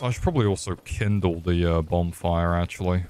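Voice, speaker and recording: A man's voice: deep voice, fairly quick, mellow, a little hiss or hum. A young Englishman streaming a game, joking crudely, swearing often and chatting back to his viewers. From England. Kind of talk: live gameplay commentary.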